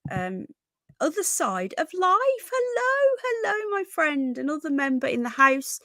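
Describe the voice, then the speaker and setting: A woman's voice: high-pitched, big pitch swings, measured pace, bright, forceful tone, no echo. A woman hosting a casual livestream from home, chatting and greeting viewers with endearments like darling and sweetheart. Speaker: livestream host.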